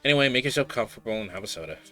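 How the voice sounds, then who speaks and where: A man's voice: on the low side, lively intonation, rapid-fire, pushed and bright, soft background music. A man reading the lines of a guarded young woman who runs the town mines, in a dry, matter-of-fact way. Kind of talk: reading game dialogue aloud.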